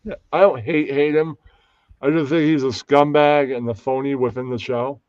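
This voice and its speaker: A man's voice: mid-range voice, steady tone, normal speed, a little mellow, smooth, no room sound, muffled recording. A man hosting a casual live stream, rambling and often losing track of names. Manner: rambling, loses names, puts on mocking voices. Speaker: stream host.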